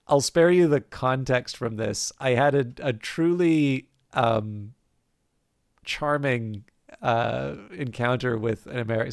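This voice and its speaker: A man's voice: medium pitch, creaky, no echo, clean studio sound. A Canadian man streaming a game, chatting casually in a rambling way. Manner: rambling, many ums and restarts, laughs often. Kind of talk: casual chat while gaming. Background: game music.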